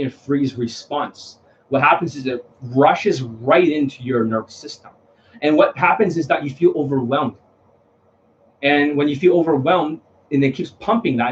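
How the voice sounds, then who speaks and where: In this dull, lo-fi recording with slight background noise, a man whose voice sits on the high side talks as a dating coach. His unscripted monologue rambles bluntly, packed with profanity and fillers.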